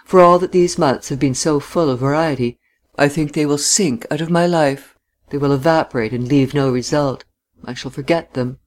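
A reader voicing a tall, weary young man who speaks quietly and lightly, with a wry, offhand manner. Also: fairly high pitch, moderate pace, lightly acted.

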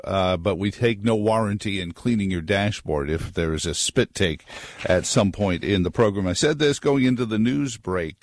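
A man's voice: lowish voice, no room sound. A man hosting a talk radio show in a loose, joking monologue that wanders off on tangents. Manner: joking, digressive, conversational. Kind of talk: casual monologue on politics.

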